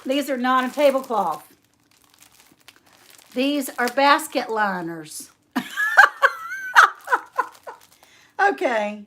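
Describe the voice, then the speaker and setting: A woman hosting a casual livestream, chatting warmly with viewers, laughing often and reading out their names. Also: high-pitched, background noise. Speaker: homestead channel host.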